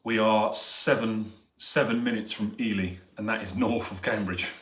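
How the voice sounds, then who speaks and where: A man's voice: on the low side, fairly even intonation, moderate pace, fairly bright tone, reverberant, slight background noise. An English man co-hosting a casual live chat and making dry wisecracks.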